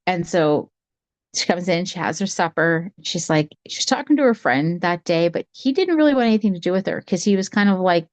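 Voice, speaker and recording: A woman's voice: fairly low pitch, lively intonation, a little fast, no echo, highs cut off. Chatty woman telling a spooky story. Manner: chatty, lots of "she's like" and repeated phrases. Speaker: podcast co-host.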